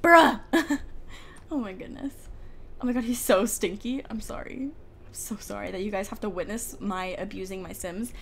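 A young woman's medium-pitched voice comes across creaky and a little mellow at a moderate pace, with a little hiss or hum on the recording. As a gaming YouTuber, she chats and giggles through a life-sim game at home, talking to her characters. Faint outdoor ambience drifts in through the open window.

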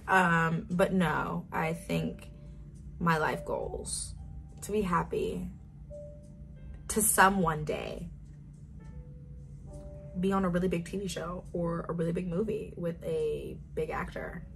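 A woman's voice: fairly low pitch, steady tone, slow pace, gravelly, pauses often, faint music behind. An eighteen-year-old woman chatting casually in a get-to-know-me vlog, bubbly and wandering off on tangents. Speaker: vlogger.

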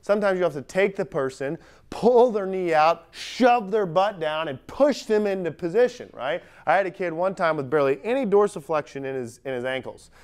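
A young man coaching lifters on a gym platform, energetic and talking straight to the group, recorded on a camera mic as he moves around. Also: high-pitched, normal speed, clear, resonant tone. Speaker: strength coach. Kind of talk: live coaching demonstration. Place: gym platform at a lifting camp.

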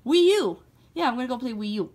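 A woman voicing a grumpy, sarcastic male plumber hero in a homemade toy-figure video, with flat, dismissive speech. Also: fairly high pitch, rapid-fire, close to an everyday voice. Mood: bored.

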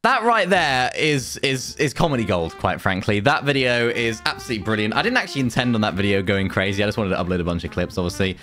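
A man's voice: lowish voice, expressive, quick pace, hardly any pauses, fairly bright tone. Sarcastic man reacting to comments. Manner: dry, sarcastic. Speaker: YouTuber.

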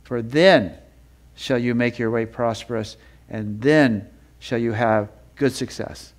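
A man teaching a sermon with feeling, building up with repeated phrases and reading scripture in a slower, lower voice. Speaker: Bible teacher.

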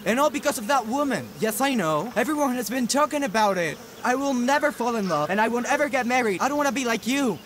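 A man's voice: a little high, normal speed, a little hiss or hum, natural voice. A man voicing a young male farmhand in a dubbed film drama, apologetic and pleading. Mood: defiant. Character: young male farmhand, sheepish then defiant.

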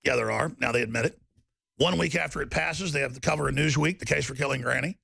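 A man's voice: mid-range voice, fast talker, gravelly, pushed and bright, slightly rough, no echo, clean studio sound. A man hosting a talk radio show, ranting in a mocking, sarcastic, heated monologue.

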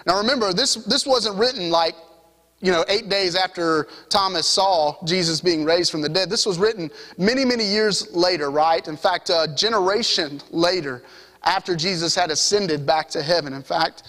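A man's voice: high voice, fairly bright tone, long reverb tail. A young man with a Southern US accent preaching an evening sermon, reading scripture and keeping it conversational with the congregation. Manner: conversational, keeps asking "right?" of the congregation. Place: church sanctuary.

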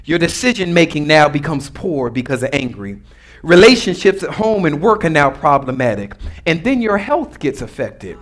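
A man's voice: a little high, big pitch swings, moderate pace, fairly bright tone. A man preaching a sermon as pastor, in a conversational and humorous way, drawing responses from the congregation.

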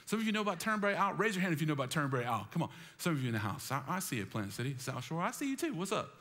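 A man preaching a sermon with high energy, calling on the congregation to join in and repeating phrases for emphasis. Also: rapid-fire. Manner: energetic, calls on the congregation to respond. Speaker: pastor. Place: church sanctuary.

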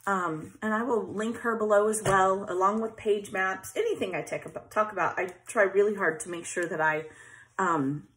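A woman's voice: medium pitch, a bit bright, low-quality recording. A woman chatting casually through a scrapbooking tutorial, thinking aloud with fillers and poking fun at herself. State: hiccups. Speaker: scrapbooking vlogger. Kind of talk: casual craft tutorial chat.

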